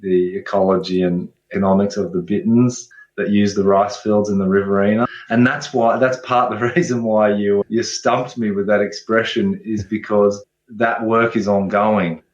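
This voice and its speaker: A man, a guest ecologist explaining his work in relaxed interview talk, often restarting phrases. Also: on the low side, moderate pace, hardly any pauses, roomy sound, dull audio. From Australia.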